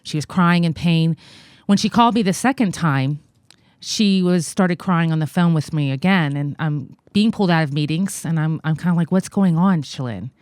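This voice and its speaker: An American woman in her forties, a guest in an interview, telling a personal story in a halting, earnest way with many fillers. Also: low-pitched, a little mellow, no room sound, studio quality. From United States. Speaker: guest, congressional candidate.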